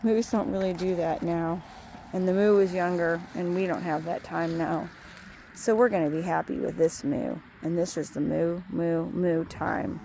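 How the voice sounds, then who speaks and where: Woman, rambling sing-song baby talk to a farm animal, gravelly, faint outdoor noise on a phone. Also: lowish voice, fairly even intonation, normal speed. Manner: sing-song baby talk to a cow, drifting into soft musings. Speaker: animal lover talking to a cow. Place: outdoors by a cow pasture.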